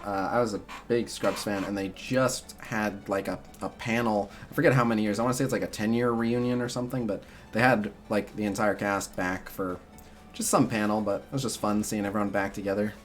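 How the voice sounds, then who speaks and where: A young man streaming a mobile game, chatting casually with his viewers in a rambling way full of "like" and "uh" fillers. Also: lowish voice. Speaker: streamer answering chat. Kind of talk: casual livestream chat about a mobile game.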